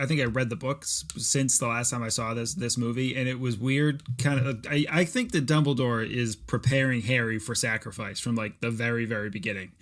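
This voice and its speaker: A man's voice: mid-range voice, fairly bright tone. A man co-hosting a podcast, talking in a rambling, profane way with many fillers and restarts. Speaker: podcast co-host. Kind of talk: casual chat.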